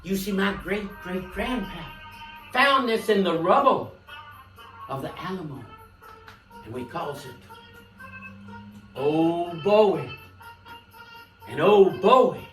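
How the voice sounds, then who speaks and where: A man's voice: extremely high pitch, bright, forceful tone. A man who performs a comic magic act, spinning folksy tall tales and bantering with a volunteer in front of a live audience. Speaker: stage magician. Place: stage before live audience. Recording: roomy live stage from a distant mic.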